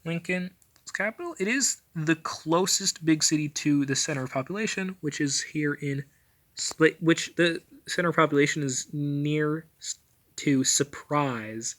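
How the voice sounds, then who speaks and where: A man's voice: a little high, a little slow, fairly bright tone. A young man casually talking over a map, rambling with lots of fillers and self-corrections as he ranks things. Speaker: vlogger.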